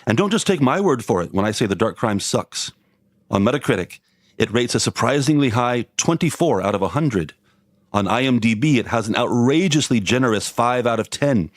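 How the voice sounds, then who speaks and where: A man co-hosting a podcast, reading a sardonic film review and then chatting with dry, deadpan humor. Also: mid-range voice, dry recording. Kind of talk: scripted review read aloud, then casual chat.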